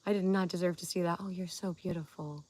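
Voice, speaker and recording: A woman's voice: lowish voice, steady tone, fast, darkish tone. A young woman chatting casually on a live stream, rambling, giggling and swearing now and then.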